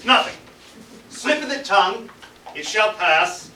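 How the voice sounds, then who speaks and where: A man acting a dim, fumbling repairman who speaks slowly and meekly, recorded far off in an echoey hall. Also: high voice, expressive, pushed and bright, heavily acted. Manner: slow, fumbling and meek. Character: dim, eager male TV repairman turned actor. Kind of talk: amateur stage comedy acting. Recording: echoey stage from a distant mic, faint hiss.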